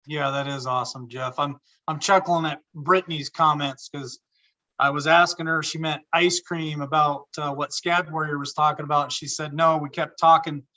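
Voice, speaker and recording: A man's voice: on the high side, steady tone, normal speed, sharp tone, poor audio. A man from Idaho hosting a video call chat, friendly and encouraging. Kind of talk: casual chat.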